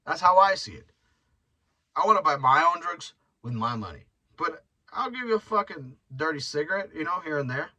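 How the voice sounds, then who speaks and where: A man's voice: on the high side, very animated, moderate pace, pushed and bright, far from the mic. A man hosting his own podcast, rambling bluntly and swearing freely as he talks through his thoughts. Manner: rambling, blunt and profane, with frequent restarts. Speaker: podcast host. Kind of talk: casual solo podcast monologue.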